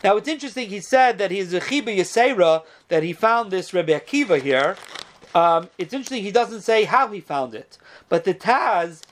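A man's voice: high voice, expressive, normal speed, fairly bright tone. A man giving a casual Torah lesson, telling stories and sprinkling in Hebrew terms. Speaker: Torah teacher.

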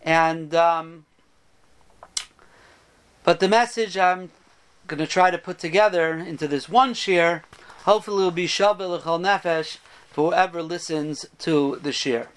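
High-voiced man telling a parable. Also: measured pace, long pauses, smooth. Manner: animated storyteller, voices the characters. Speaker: rabbi giving a Torah talk. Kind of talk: storytelling sermon.

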